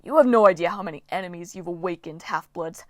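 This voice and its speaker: A gloating male storm spirit, as a woman reader puts him on, menacing and sneering as he taunts his foes. His voice drops low and darker than her own, and the lines rush out fast. The audiobook sound is dry and close. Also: no room sound, natural voice.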